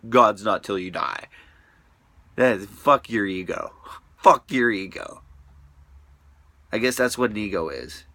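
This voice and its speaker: A man vents on camera in a long, rambling monologue, swearing freely and drifting between raised outbursts and quiet mutters. His voice sits a little low but has a bright, edgy bite. He talks restlessly, often restarting and trailing off.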